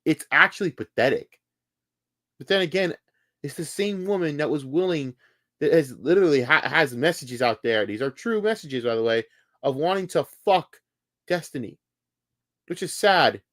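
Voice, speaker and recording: A man's voice: a little high, expressive, normal speed, fairly bright tone, no echo, clean studio sound. A man ranting angrily on a live stream, swearing hard and repeating himself when worked up. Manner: heated, profane, repeats words when worked up. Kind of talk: angry live-stream rant.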